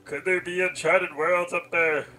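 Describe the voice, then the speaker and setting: A man voicing an excited male scholar reading his research journal aloud, in a British accent with dramatic, wondering delivery. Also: sits high, measured pace, soft background music, voice pushed up, low-quality recording.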